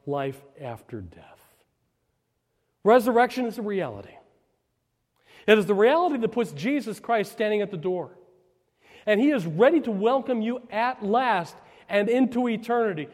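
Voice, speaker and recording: A man preaching an Easter sermon to his congregation and then leading a prayer, moving between ringing proclamation and hushed, slow petition. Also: sits high. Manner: dramatic swings from loud proclamation to hushed prayer. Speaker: pastor. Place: church sanctuary. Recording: long reverb of a large sanctuary.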